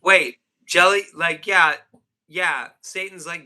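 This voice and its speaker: A man's voice: fairly high pitch, unhurried, sharp tone. A man hosting a livestream group call, chatting casually and jokingly, often repeating himself. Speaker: livestream host.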